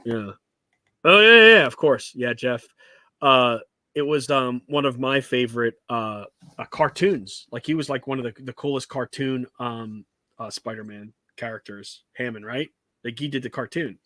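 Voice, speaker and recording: Bright-voiced laid-back young man. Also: mid-range voice, steady tone, normal speed, dry recording, studio quality. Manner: laid-back, profane, stammering. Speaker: podcast co-host. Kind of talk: casual banter.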